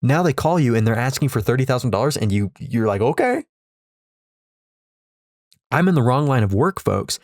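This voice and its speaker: A male podcast host rattles off a sarcastic, comedic rant at a quick pace with few pauses, his medium-pitched voice carrying a darkish tone. It's studio quality with no room sound on a studio microphone, and he repeats himself and swears.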